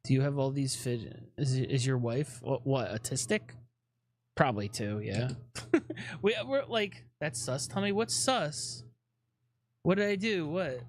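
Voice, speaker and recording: A man chatting casually on a live stream, rambling with lots of fillers, swearing often and fidgeting restlessly. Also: a little high.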